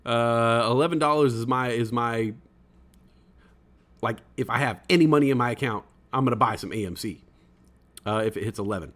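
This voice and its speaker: A man of ordinary middle pitch hosts a loose livestream podcast. He rambles through chat comments, excitable and self-deprecating, with casual swearing. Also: moderate pace, long pauses. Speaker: podcast host reading live chat.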